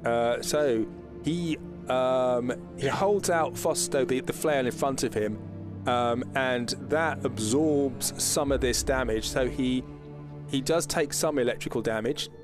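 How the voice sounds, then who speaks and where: A man narrating a tabletop game as game master, slow and halting with many pauses and fillers. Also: mid-range voice, music in the background.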